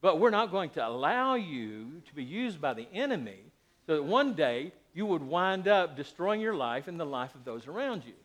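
Middle-aged male pastor, high voice, lively sermon delivery with loud and quiet swings. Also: normal speed. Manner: animated preaching, swings between loud and quiet.

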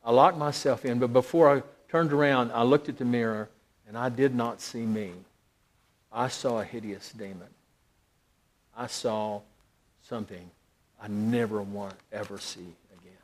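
A middle-aged man, a pastor, telling a personal story in a sermon, swinging dramatically between loud emphasis and hushed, near-whispered lines. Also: mid-range voice, fairly even intonation, normal speed.

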